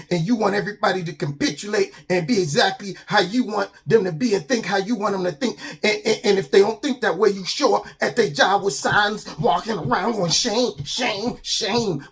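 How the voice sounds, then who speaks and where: A man hosting his own channel, telling a children's story in a casual, slangy, animated way. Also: high-pitched.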